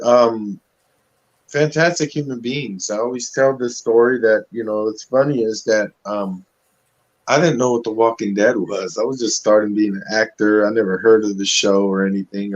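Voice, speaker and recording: A man guest telling stories in a casual interview, animated, acting out the voices of people he quotes, talking through a webcam on a video call. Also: on the low side, moderate pace. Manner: animated storyteller who acts out quoted voices. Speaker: actor guest. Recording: dull lo-fi audio.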